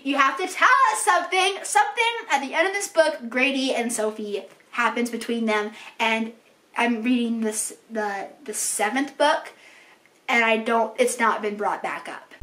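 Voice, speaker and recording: A woman's voice: on the high side, normal speed, bright, forceful tone. A young woman book vlogger chatting casually about books she read, gushing and full of fillers. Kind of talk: casual chat. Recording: echoey room.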